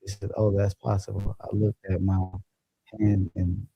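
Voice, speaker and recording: Gravelly, laid-back man telling stories. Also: lowish voice, monotone, normal speed, no room sound, lo-fi sound. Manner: loose, profane storytelling, laughs often. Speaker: livestream host. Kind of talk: casual livestream chat reading comments. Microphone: phone or computer mic.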